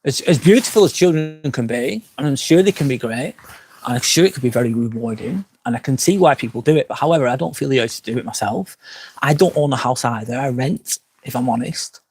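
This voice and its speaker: A man's voice: mid-range voice, animated, fairly quick, a little mellow, slightly rough. A man in his forties, tipsy and slurring, chatting frankly on a live stream and answering comments outdoors at night, swearing often as he rambles. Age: 40s. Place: outdoors at night by a campsite fire pit.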